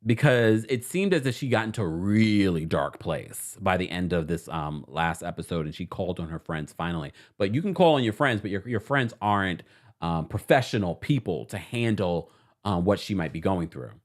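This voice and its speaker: Animated, chatty man recapping TV. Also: low voice, normal speed. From New York City. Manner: animated and chatty, laughing often. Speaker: host of a reality TV recap show. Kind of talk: casual livestream chat, reading viewer comments.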